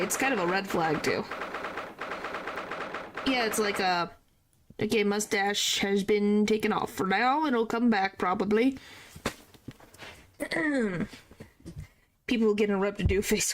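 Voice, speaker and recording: A young adult woman streamer chatting casually over gameplay, playful and quick to indignation. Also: mid-range voice, slight background noise.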